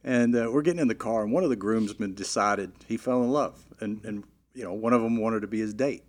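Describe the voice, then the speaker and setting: A middle-aged man telling a long, animated anecdote in a casual way, with frequent "you know" fillers and restarts. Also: on the low side, a little fast. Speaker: storyteller.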